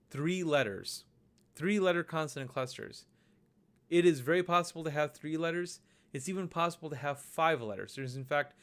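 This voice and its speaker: A man narrating a recorded lesson over slides, explaining each step slowly and patiently. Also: a little high, fairly bright tone. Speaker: language teacher.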